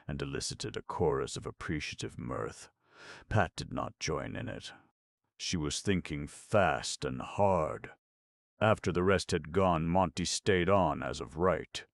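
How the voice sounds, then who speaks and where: A man narrating an audiobook in an extremely deep, gravelly voice. His reading is dramatic and swings widely in pitch. The sound is close and dry. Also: no room sound. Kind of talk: scripted narration.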